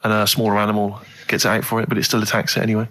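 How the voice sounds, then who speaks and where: A man's voice: fairly low pitch, monotone, very fast, a bit bright. A man co-hosting a radio show in a studio, teasing the others and slipping into mock-formal reading. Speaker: radio co-host. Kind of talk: casual studio banter.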